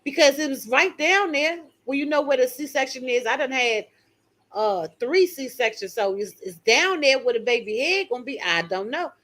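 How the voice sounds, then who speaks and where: A woman's voice: high-pitched, lively intonation, normal speed, a bit bright. Older woman, live-stream host, emphatic, casual chat with viewers. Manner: emphatic, talks straight to viewers with "y'all". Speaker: channel host reading viewer comments.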